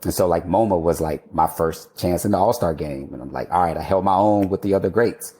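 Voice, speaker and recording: Male guest, 30s, deep warm voice, casual storyteller, laughs often, swears casually. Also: brisk. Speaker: architect guest.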